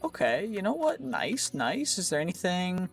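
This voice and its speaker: A man's voice: sits high, wildly swooping pitch, normal speed, gravelly, faint music behind. A man giving playful, rambling let's play commentary over his gameplay, joking at his own slips. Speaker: gaming YouTuber.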